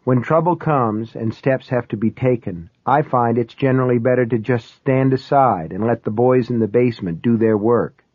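A man's voice: mid-range voice, normal speed, few pauses, dry recording. Man narrating a novel, tinny and dry. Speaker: audiobook narrator. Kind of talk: first-person novel narration.

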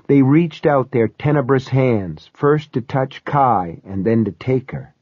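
A man narrating a first-person horror story in a measured, steady way. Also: medium pitch, no echo. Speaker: audiobook narrator. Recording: dry, dull lo-fi recording.

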